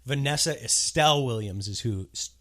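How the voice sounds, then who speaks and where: A man co-hosting a casual podcast chat, gushing and animated as he talks. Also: mid-range voice, normal speed. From US West Coast. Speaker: podcast co-host.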